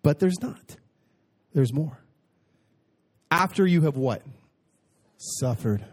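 A man preaching a personal testimony, moving between hushed storytelling and excited exclamation and reading scripture slowly and emphatically. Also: on the high side, husky. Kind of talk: sermon testimony.

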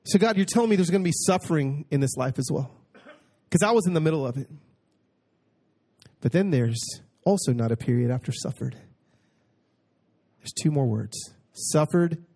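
Animated man preaching his testimony. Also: fairly high pitch. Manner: swings from hushed storytelling to excited exclamation; reads scripture aloud slowly and emphatically. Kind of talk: sermon testimony.

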